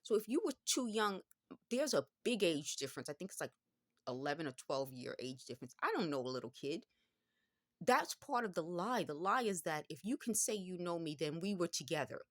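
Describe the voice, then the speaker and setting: Low-voiced New York woman in her fifties. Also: big pitch swings, a little fast, no room sound, clean studio sound. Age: 50s. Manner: rambling, circling back with frequent self-corrections. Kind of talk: casual vlog monologue.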